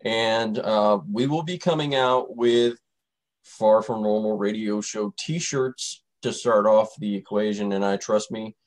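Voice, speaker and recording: A man's voice: lowish voice, measured pace, low-quality recording. A male host of a casual talk radio show, talking loosely with many fillers as he wraps up. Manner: rambling, loose, lots of fillers.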